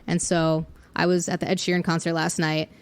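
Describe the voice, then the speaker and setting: A woman's voice: low-pitched, little pitch movement, fairly quick, smooth. A young adult woman, a songwriter and middle school music teacher, chatting casually on a podcast and thinking aloud with fillers and small laughs.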